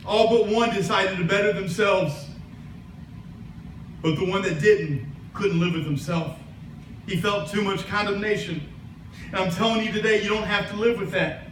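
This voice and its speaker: A man's voice: high-pitched, moderate pace, long pauses, echoey room, recorded from a distance, slight background noise, rough recording. A man preaching a sermon as pastor, telling a story and building to emphatic preaching. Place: church sanctuary.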